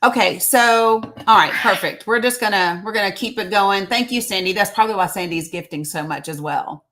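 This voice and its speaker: A woman's voice: medium pitch, moderate pace, fairly bright tone. A middle-aged woman hosting a casual livestream from home on her phone, emphatic and chatty, repeating her points and greeting viewers by name. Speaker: livestream host.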